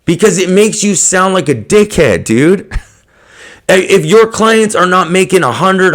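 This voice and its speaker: A man with a fairly high, slightly bright voice hosts a podcast, bluntly ranting to fellow hairdressers. He swears heavily, packs his speech with fillers, and laughs partway through the rant.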